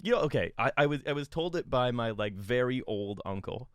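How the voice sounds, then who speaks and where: Comedy podcast co-host, man from Canada. Halting, self-interrupting storyteller, laughs often. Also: mid-range voice, animated, smooth, dry recording. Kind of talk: casual comedic chat.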